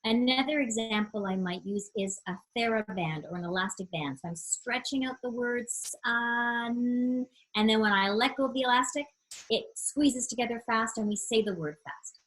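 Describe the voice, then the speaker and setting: A woman educator speaks over a video call, her mid-pitched voice a little husky. She explains reading games to parents in a friendly, explanatory way. Now and then she stretches a word out slowly to demonstrate its sounds. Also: fairly bright tone, poor audio. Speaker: literacy educator leading a webinar. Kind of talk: online webinar teaching parents.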